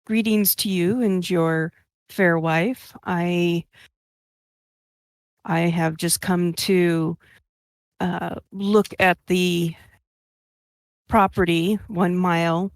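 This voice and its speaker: A woman voicing a polite female minotaur traveler, speaking formally with pauses. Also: fairly low pitch, steady tone, dry recording, clean studio sound. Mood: courteous. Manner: formal, courteous and halting.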